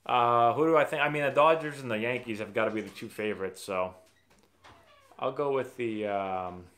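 Fielding viewers' questions on a relaxed live stream, this Massachusetts man talks in a chatty, rambling storytelling style, frequently starting sentences over. He has a mid-range, slightly bright voice and a moderate pace.

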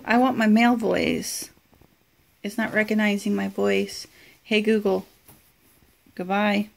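Casual woman vlogger, slow and chatty, banters with a gadget. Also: mid-range voice, level tone, vocal fry, a little hiss or hum. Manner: chatty, laughs often, talks to the device. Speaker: product reviewer. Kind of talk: casual home review vlog.

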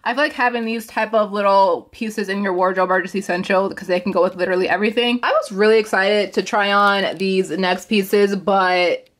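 A young woman vlogging in a casual, chatty way, her voice jumping up high when she gets excited. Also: brisk, hardly any pauses, dry recording. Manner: chatty and animated, swoops up high on exclamations. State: out of breath. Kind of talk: casual vlog chat.

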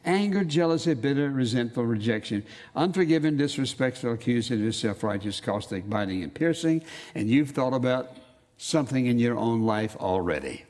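A man preaching a sermon, emphatic, slowing down to read scripture quotes with weight. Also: medium pitch, animated, a little mellow. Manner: emphatic, quotes scripture in slow dramatic readings.

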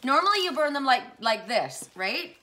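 A woman chatting excitedly as she unboxes gifts in a casual vlog, gushing over each one. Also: high voice, moderate pace, slight background noise. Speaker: spiritual vlogger unboxing gifts.

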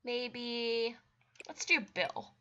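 A woman hosting a video game let's-play, chatting casually and pleading with the characters in an animated, playful way. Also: a little high, drawn-out words. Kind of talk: casual commentary while playing a life-sim game. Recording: dull lo-fi mic.

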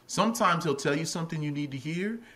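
A man's voice: a little high, animated, fast, bright, forceful tone. A middle-aged man, an actor and comedian guest, telling stories in a casual chat, acting out voices and laughing often. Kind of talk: animated storytelling in casual chat.

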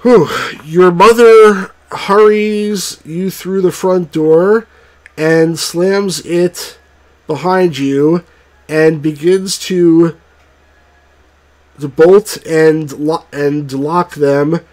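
A man reviewing a text game, reading its story aloud in a halting way and stopping to correct himself. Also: on the high side. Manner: halting, stumbles and rereads words.

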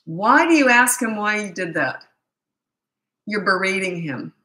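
A woman's voice: mid-range voice, big pitch swings, unhurried, bright, forceful tone, roomy sound, rough recording. A middle-aged woman coaching parents in casual talk, blunt and emphatic, acting out the lines she quotes. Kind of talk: casual advice answering viewer questions.

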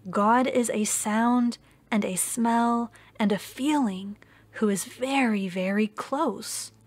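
A woman reading the lines of a tiny, earnest ant, softly and slowly. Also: on the high side, no echo.

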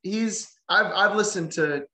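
A man on a webinar panel telling a casual story, halting with many fillers and a dry, sarcastic humor. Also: high-pitched, bright, forceful tone. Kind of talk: casual anecdote. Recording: roomy echoey room sound.

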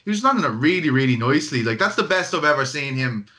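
A man's voice: medium pitch, expressive, fast, sharp tone. A man, a guest journalist in casual chat, eager and probing, with lots of "like".

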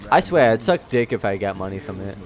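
A man's voice: lowish voice, animated, quick pace, a crowd in the background. A tipsy man in casual gaming chat with friends, swearing and calling out threats in the game. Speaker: gamer streaming with friends.

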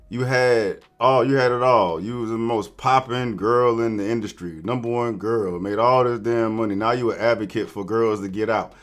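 Profane ranting man, lowish voice. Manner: blunt, profane, slangy ranting. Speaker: commentary host. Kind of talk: reaction commentary.

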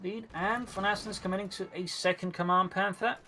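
A man's voice: high-pitched, fairly even intonation, fairly quick, pushed and bright, a little hiss or hum. A man co-commentating a strategy video game, matter-of-fact and analytical.

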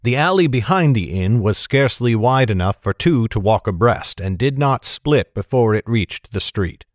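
Male audiobook narrator, mid-range voice, steady and measured, dry close recording. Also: mid-range voice, no room sound. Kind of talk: scripted fantasy narration.

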